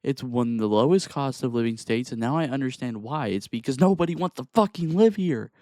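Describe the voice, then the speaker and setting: A man's voice: mid-range voice, lively intonation, brisk, darkish tone, dry recording. Young man, profane exasperated rant, dry close mic. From Texas. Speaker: vlogger. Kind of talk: angry rant to camera.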